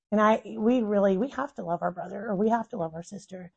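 A woman in her thirties, a mother talking in an animated, casual way about parenting. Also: medium pitch, fast, vocal fry, hardly any pauses, breathy edge. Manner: animated, acts out quoted family dialogue. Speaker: mother and guest. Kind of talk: casual conversation.

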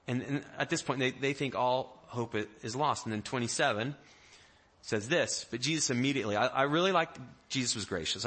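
Bright-voiced man preaching a lively sermon. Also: mid-range voice, moderate pace, husky. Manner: animated, acts out the disciples' panic in quoted voices; conversational, with restarts and small jokes. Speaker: pastor.

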